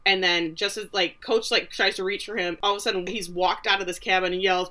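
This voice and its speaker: A woman co-hosting a podcast, recapping a TV episode in casual chat, animated and swearing, acting out the characters' lines. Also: mid-range voice, quick pace, few pauses. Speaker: podcast co-host.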